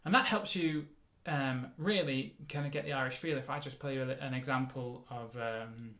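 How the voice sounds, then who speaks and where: A man teaching a mandolin lesson, explaining in a relaxed way and counting the beats aloud. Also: medium pitch, moderate pace. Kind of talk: casual music lesson. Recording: roomy sound with mandolin playing.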